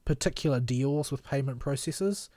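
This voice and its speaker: A man's voice: mid-range voice, normal speed, no room sound, studio quality. A man co-hosting a long streamed podcast, giving opinionated commentary and rambling until his words trail off, his voice tired. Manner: critical, rambling, trails off quietly. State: voice tiring after long stream. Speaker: podcast co-host.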